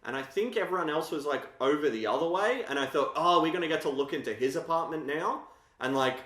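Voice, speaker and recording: A man's voice: a little high, lively intonation, fast, fairly bright tone. A man co-hosting a film podcast, talking casually and thoughtfully about filmmaking. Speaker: podcast co-host. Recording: roomy echo.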